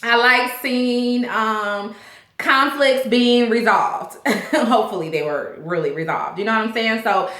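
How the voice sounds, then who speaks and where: A woman hosts a casual recap of a TV episode, cursing freely and breaking into laughter as she talks. Her voice sits high and sounds bright. The room around her is echoey. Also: unhurried. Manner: laughs a lot, profane and animated. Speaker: host of a TV recap show.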